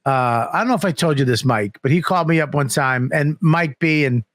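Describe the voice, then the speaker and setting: A man's voice: on the high side, fairly quick, fairly bright tone, no room sound. A man co-hosting a radio show, telling a story animatedly and acting out the quotes with lots of swearing. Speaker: comedian co-host. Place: radio studio. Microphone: studio microphone.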